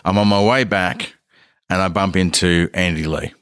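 An Australian man with a lowish voice tells a casual comedic story in loose, rambling bursts. He hops between asides and restarts. The sound is dry and close. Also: normal speed, clean tone, no echo. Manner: rambling, animated quoting of others. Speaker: podcast co-host.

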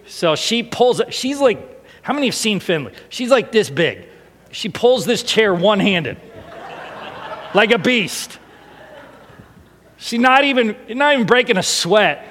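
A male pastor telling a personal story in a sermon, animated and expressive, sometimes falling to a hushed, emotional tone. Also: high voice, measured pace, pauses often. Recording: long hall reverb.

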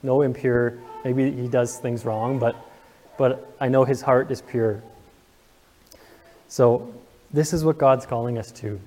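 A man's voice: medium pitch, steady tone, takes it slowly, pauses often, warm tone, in a large hall. A young man preaching a sermon to his congregation, earnest and emotional, asking the room questions. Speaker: pastor. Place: church sanctuary.

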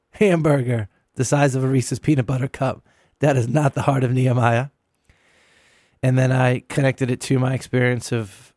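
A middle-aged man, a pastor, earnestly recounting a sermon he preached and slowing down to stress key words. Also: medium pitch, darkish tone, no echo, clean studio sound.

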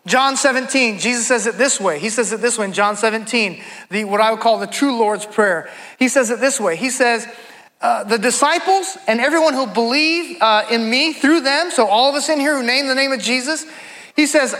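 Male pastor, very high voice, bright and forceful tone, emphatic sermon delivery, long church reverb. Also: fairly quick. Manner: emphatic preaching, rising into fervent quoted voices.

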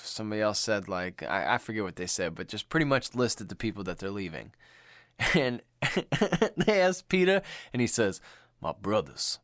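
A man's voice: fairly low pitch, normal speed, no echo, clean studio sound. A man co-hosting a casual podcast, chatting about an old movie and acting out lines with lots of laughter. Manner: animated, laughs often, acts out movie lines. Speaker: podcast co-host.

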